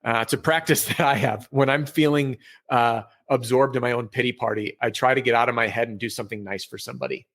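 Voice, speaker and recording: Brief: candid, energetic man, mid-pitch, a sales trainer guesting on a podcast over a video call. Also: fast, hardly any pauses. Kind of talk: casual podcast interview. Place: home office with bookshelf.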